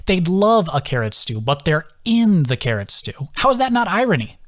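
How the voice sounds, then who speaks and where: A man's voice: sing-song, moderate pace, no room sound, clean studio sound. A man voicing a cocky young man who teases and argues in a raised, smug voice. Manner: smug, teasing, high and bright. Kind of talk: audiobook character voice.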